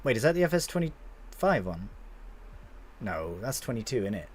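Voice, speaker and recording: A man's voice: fairly low pitch, big pitch swings, moderate pace, slight background noise. A young man casually commentating his gameplay on a live stream, chatting to viewers and swearing now and then.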